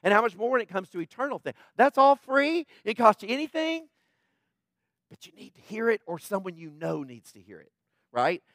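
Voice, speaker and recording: A man's voice: high voice, sing-song, moderate pace, fairly bright tone, no room sound, clean studio sound. A man preaching a conversational sermon, emphatic and plainspoken, often checking in with the listeners. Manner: emphatic, tags points with "right?". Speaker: pastor.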